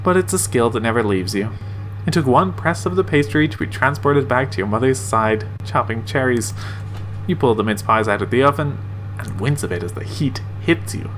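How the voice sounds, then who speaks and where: A man reading a text game aloud in a reflective, measured voice. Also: mid-range voice, expressive, a little hiss or hum. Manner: reflective, measured second-person narration. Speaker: game reader.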